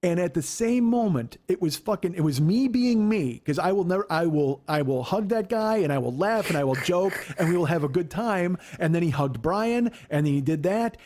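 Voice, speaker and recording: A man in his forties hosting a podcast, telling a story in casual chat, profane, animated and self-mocking. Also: high-pitched, normal speed, hardly any pauses. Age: 40s. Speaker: podcast host.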